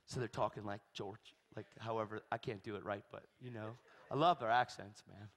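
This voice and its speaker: A man from Pennsylvania preaching as a guest speaker, telling stories in an animated way that swings between loud bursts and hushed asides. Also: fairly low pitch, brisk. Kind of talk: storytelling sermon. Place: church sanctuary. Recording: long church reverb.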